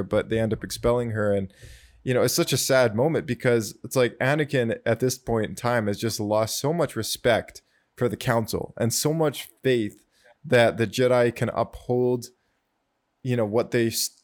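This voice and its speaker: A man in an easygoing conversation, his voice mid-pitched and plain. He talks chattily, leaning on "like" and repeating words as he goes. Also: moderate pace. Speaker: podcast co-host. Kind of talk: casual fan discussion.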